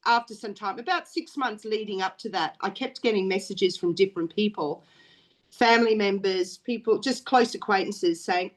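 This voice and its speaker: A middle-aged woman with an Australian accent speaks as an interview guest. Her talk is chatty and rambling, full of restarts and asides. Her voice sits at an ordinary middle pitch. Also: moderate pace. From Wales. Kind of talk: casual storytelling chat.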